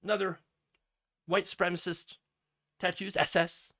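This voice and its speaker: A man's voice: high voice, flat delivery, a little slow, sharp tone. A man hosting a political commentary show, talking sarcastically over news clips with mocking asides.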